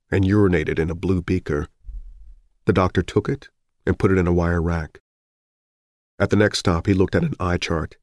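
A man narrating a novel in an even, measured audiobook reading. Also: low-pitched, no echo, clean studio sound.

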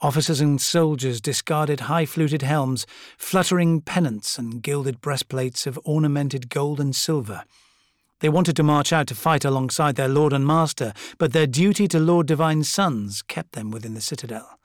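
A man's voice: a little high, normal speed, no room sound, clean studio sound. Man narrating a dramatic battle story. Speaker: audiobook narrator. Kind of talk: scripted narration.

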